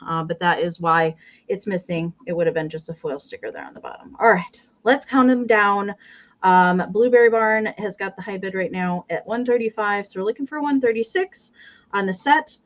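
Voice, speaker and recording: A woman's voice: mid-range voice, moderate pace, highs cut off. A woman hosting a live online vintage sale, describing items and counting down bids in a chatty manner. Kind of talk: live auction selling.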